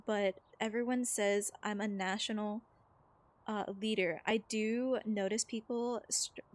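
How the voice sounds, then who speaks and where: A woman streaming a game, chatting casually with viewers in a rambling, filler-heavy way and reading chat messages aloud. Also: medium pitch. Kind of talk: casual chat while gaming.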